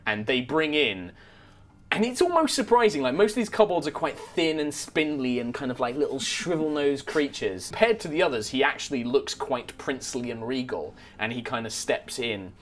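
A man narrating a tabletop game as game master, an animated storyteller who laughs often. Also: mid-range voice, moderate pace, echoey room.

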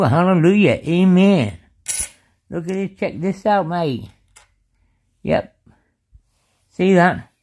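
A man's voice: fairly high pitch, darkish tone. A man showing off old coins in a casual vlog, chatty and filling every phrase with "mate" and "yeah". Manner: slow, drawn-out delivery. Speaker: coin collector showing coins. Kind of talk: casual show-and-tell vlog.

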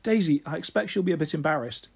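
A man voicing a gentle, kindly mum. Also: on the high side, lively intonation, quick pace, creaky, breathy edge, exaggerated voice. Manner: soothing, gentle. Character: kindly fussing mother.

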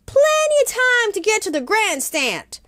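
A woman voicing an eager young girl in a children's story, speaking high and urgently. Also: big pitch swings, a little slow, fairly bright tone, dry recording, clean studio sound, full character voice.

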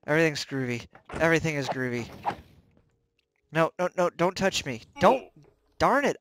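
Excitable man yelping through gameplay. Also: a little high. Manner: excitable, jumpy reactions with frequent yelps and self-mockery. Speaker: let's play host. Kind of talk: gameplay commentary.

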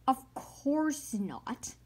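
A woman's voice: high voice, big pitch swings, drawn-out words, slightly rough, pitched above the performer's own voice, full character voice. A woman doing a jumpy little girl bear cub. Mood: wary. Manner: alarmed, crying out.

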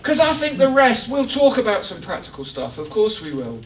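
A man preaching a lively, joking sermon to his church congregation. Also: high-pitched, normal speed, a little hiss or hum. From England. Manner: animated, joking, rising excitement. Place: church hall. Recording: echoey church hall from far off.

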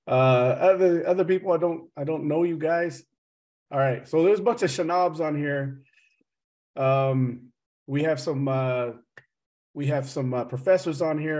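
A man's voice: medium pitch, a little mellow. Middle-aged man, slight Southern drawl, loose joking lecturer on a video call, mid-range voice. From Oklahoma. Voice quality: chatty, teasing, loose and joking. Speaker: associate professor and speaker.

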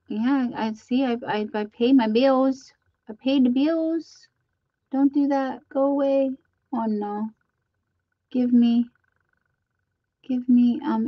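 A fairly high-voiced woman hosting a live crafting stream, chatting slowly and unhurriedly with her viewers. She reads their comments aloud and greets them by name. The sound is dry and a little dull, like lo-fi stream audio. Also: no room sound. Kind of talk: casual live-stream chat.

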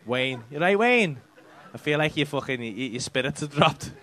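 A man's voice: fairly high pitch, animated, brisk, noisy background. A middle-aged man doing cheeky, sweary crowd work as a stand-up comedian on a comedy club stage. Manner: cheeky, sweary banter with the audience.

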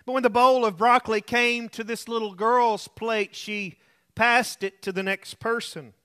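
A man's voice: very high voice, fairly even intonation, measured pace, a bit bright, clean tone. A male pastor preaching alone in a room, earnest and repetitive, telling anecdotes. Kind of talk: sermon.

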